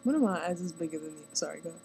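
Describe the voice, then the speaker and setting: A woman's voice: fairly low pitch, animated, very fast, dark tone, slight background noise, rough recording. A woman in casual chat with a friend, teasing him and bantering playfully.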